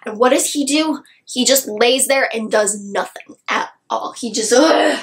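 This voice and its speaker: Gushing young woman with a high voice. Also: unhurried, low-quality recording. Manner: gushing, excitable, exaggerated outrage. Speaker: book reviewer. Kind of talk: casual book review.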